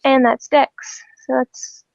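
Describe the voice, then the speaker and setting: A woman's voice: high-pitched, little pitch movement, slow pace, creaky, dry recording. A woman playing in a casual tabletop game, talking in a matter-of-fact way. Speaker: player. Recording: dull, dry lo-fi recording.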